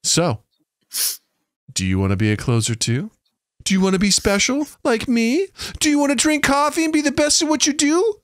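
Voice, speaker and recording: A man's voice: very high-pitched, very animated, normal speed, fairly bright tone, dry recording, studio quality, pitched above the performer's own voice, full character voice. A man voicing a condescending big-shot salesman who talks baby talk in a sing-song, patronizing way, as a comedic reading of chatbot text.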